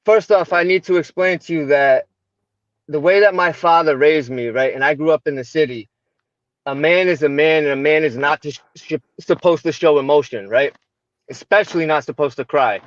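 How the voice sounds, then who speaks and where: American guy, raised pitch, dry close sound, chatty storyteller full of fillers and tag questions, voices the other people in his story. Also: moderate pace, no room sound. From United States. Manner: animated, retells dialogue, many fillers and tag questions. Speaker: livestream guest. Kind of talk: personal storytelling in conversation. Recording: dull lo-fi livestream audio.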